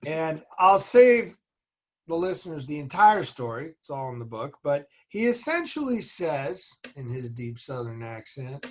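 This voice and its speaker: Appearing as an interview guest, a middle-aged former military officer and executive recounts leadership stories in an earnest, motivational manner. He has a fairly high, sing-song voice and a measured pace.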